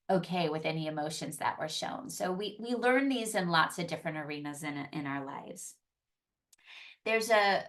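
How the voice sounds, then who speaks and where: A woman's voice: fairly low pitch, a bit bright, recorded from a distance. A woman psychologist and yoga teacher giving an earnest, conversational teaching talk, often restarting and repeating her phrases. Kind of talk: teaching talk on emotional healing.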